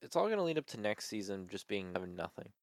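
A young man with a low voice co-hosts a casual chat show. He talks loosely, full of fillers and the odd swear word. The sound is dry and close. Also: big pitch swings, quick pace, no room sound. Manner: loose, swears often, trailing filler words. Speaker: podcast co-host.

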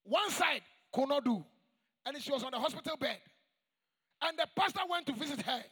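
A man preaching a sermon to a church congregation, emphatic and call-and-response, with shouted high points. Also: animated, moderate pace. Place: large church hall. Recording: long echoing church reverb.

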